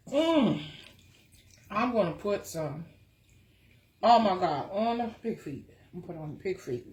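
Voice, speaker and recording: A woman talking through her cooking in a casual vlog, full of drawn-out excited exclamations. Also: mid-range voice. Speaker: cooking vlogger. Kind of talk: casual cooking video talk. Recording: echoey room.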